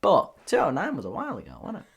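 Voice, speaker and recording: A woman's voice: on the low side, huge pitch swings, fast, gravelly. A woman hosting a comedy news show, reading odd stories with giggles, swearing and jokey asides.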